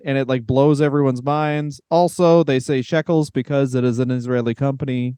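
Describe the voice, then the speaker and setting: Brash jokey man, smooth bright voice. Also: a little high, expressive, dry recording, studio quality. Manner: crude, jokey, quick riffing. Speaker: podcast co-host. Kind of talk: casual comedic podcast banter.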